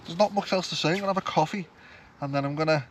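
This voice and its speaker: A man rattles off a rapid-fire, rambling chat to the camera from a campsite, mocking himself as he goes. His pitch is fairly high, and the outdoor recording picks up ambient noise and passing traffic.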